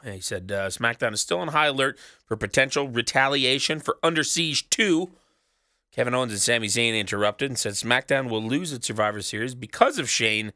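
A man recaps wrestling on his own in a small booth, sarcastic and rambling, with a casual habit of swearing. His voice is bright and forceful, and it is recorded very dry and close. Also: on the low side, dry recording. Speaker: wrestling podcast host. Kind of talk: solo recap chat. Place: small studio booth alone.

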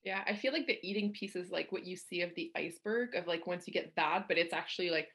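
A young woman with a fairly low voice hosts a podcast conversation. She talks in a loose, chatty way, full of fillers and quick laughs. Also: fairly bright tone. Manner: chatty, heavy use of "like", laughs easily. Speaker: podcast host. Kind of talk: casual interview chat.

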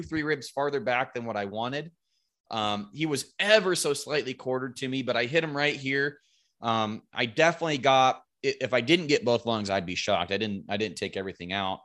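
A man casually telling a hunting story, animated and swearing freely, acting out what was said with a loud raised voice. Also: mid-range voice.

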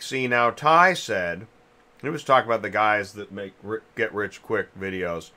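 A man's voice: fairly low pitch, normal speed, bright, forceful tone. A man hosting a casual industry chat, rambling and thinking aloud with many restarts while chewing a cough drop. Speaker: podcast host.

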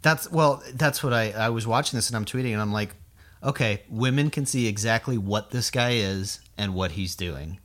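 Very low-voiced woman chiming in. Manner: agreeing interjections, quick asides. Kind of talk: political chat.

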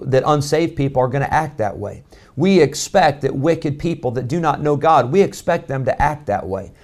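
A man, preaching a sermon as pastor, rising loud on key lines and dropping to a low hush for emphasis. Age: 40s.

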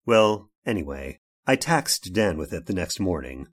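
A man's voice: low voice, sing-song, measured pace, full character voice. Guy doing a prim old-fashioned radio drama narrator, talks right to you, voice swoops up and down, faint music under it. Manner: prim, old-fashioned, addresses listener directly. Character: fussy genteel male workshop owner, narrator.

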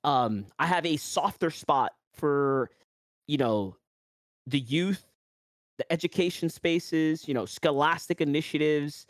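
A man's voice: a little high, slow pace, dry recording, studio quality. A man with a New York accent, a commentator hosting a casual podcast, telling stories animatedly with lots of fillers. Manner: animated storytelling with acted-out quotes and many fillers.

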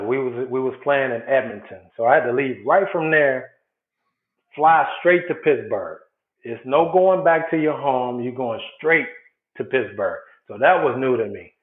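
A man from Chicago, a former baseball player, telling his story as an interview guest and acting out the people in it. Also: mid-range voice. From South Side of Chicago. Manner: animated storyteller, acts out quotes. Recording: echoey, phone-like sound.

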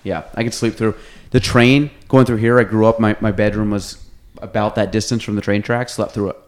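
A man's voice: fairly low pitch, steady tone, fairly quick. A man hosting a casual podcast chat, rambling and restarting as he tells stories. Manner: rambling, self-interrupting storyteller. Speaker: podcast host.

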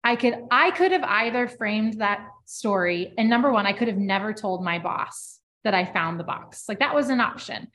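A woman co-hosting a podcast, telling a personal work story in a casual, lively way with many filler words. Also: medium pitch, moderate pace, hardly any pauses. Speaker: podcast co-host.

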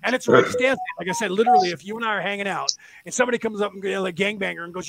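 Fast-talking high-voiced man telling stories. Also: creaky, no echo. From California. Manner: animated storyteller who acts out quotes. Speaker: podcast co-host. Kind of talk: casual stoned chat.

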